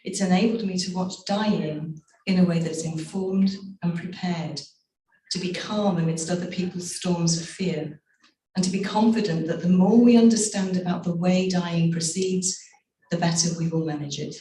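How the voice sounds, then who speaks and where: A middle-aged woman, an author, reading aloud from her memoir and telling its stories in a measured way with slow, emphatic pauses. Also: fairly low pitch, steady tone, warm tone, slight background noise. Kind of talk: live reading and storytelling. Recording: echoey, distant room mic.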